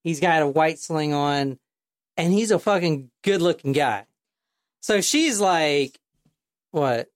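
A woman's voice: low voice, animated, slow pace, long pauses, dry recording, clean studio sound. A woman hosting a casual podcast, telling a true crime story in a rambling, profane way with lots of fillers. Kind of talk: casual chat.

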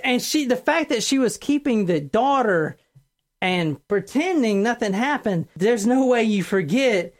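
A woman hosting a podcast, telling a true-crime story in a casual, animated way, swearing freely. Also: a little high, unhurried. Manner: animated, profane, acts out quotes. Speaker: podcast host.

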